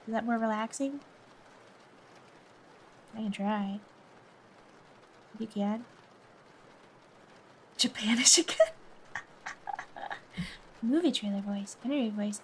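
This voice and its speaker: A woman's voice: medium pitch, unhurried, long pauses, slight background noise. A woman streamer chatting casually and reading aloud, often breaking off to giggle.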